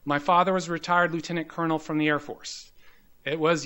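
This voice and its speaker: Fifties guy from the american south, bit high voice, rambly story-style medical talk with lots of ums. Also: level tone, fairly quick, sharp tone. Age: 50s. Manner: anecdotal storyteller, frequent ums and you-knows. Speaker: grand rounds speaker. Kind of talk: medical lecture told through personal stories. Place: lecture hall.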